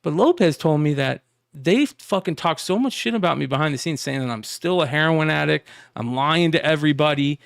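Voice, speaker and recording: On a casual podcast, a co-host with a slightly high, brisk voice and some vocal fry tells animated stories, swearing freely and acting out the exchanges he recounts. The recording is dry and studio quality.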